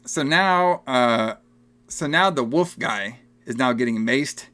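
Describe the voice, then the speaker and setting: A young man co-hosting a podcast, recapping a movie in casual, animated chat and laughing often. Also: medium pitch. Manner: animated, laughing, acts out film lines in quick voices. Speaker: podcast co-host.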